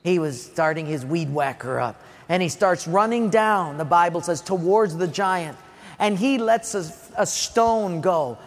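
Animated high-voiced preacher in a reverberant hall. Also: male voice, measured pace. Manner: animated, jokey, acts out sounds. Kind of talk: sermon storytelling.

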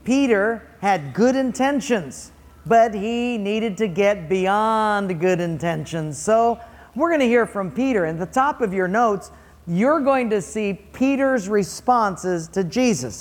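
Male pastor, sermon, playful conversational delivery, long reverb in a large sanctuary. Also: high voice.

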